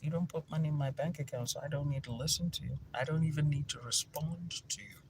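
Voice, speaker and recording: Nigerian-accented guy, energetic teacher talking to his viewers, slightly high voice, faint hiss behind. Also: fast, creaky. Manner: energetic, animated storytelling with laughter. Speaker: spiritual teacher. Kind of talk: casual teaching talk to viewers.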